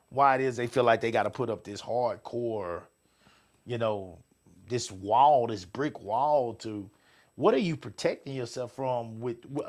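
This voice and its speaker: A middle-aged man co-hosting a casual show, swearing freely and swinging between loud outbursts and quiet asides. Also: mid-range voice. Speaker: podcast co-host. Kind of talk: casual chat with listeners.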